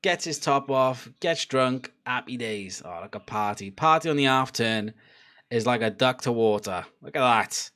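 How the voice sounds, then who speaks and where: A man's voice: mid-range voice, animated, normal speed, fairly bright tone. A young man giving a casual live reaction to a football match, chatty and laughing, swearing and urging on the players. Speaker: football watchalong streamer.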